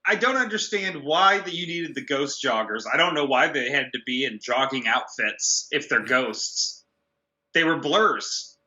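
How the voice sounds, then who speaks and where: Bright-voiced, sarcastic ranting man. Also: medium pitch, expressive, unhurried, highs cut off. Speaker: podcast co-host. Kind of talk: casual movie review chat.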